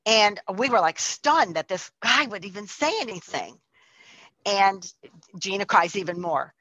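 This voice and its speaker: A woman's voice: medium pitch, lively intonation, moderate pace, fairly bright tone, no room sound, highs cut off. A woman telling a personal testimony in a chatty way, full of likes and restarts. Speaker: storyteller.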